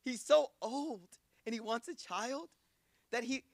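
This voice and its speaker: A man's voice: very high voice, lively intonation, takes it slowly, no echo. A man preaching in a casual, conversational way, acting out quoted voices. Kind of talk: sermon.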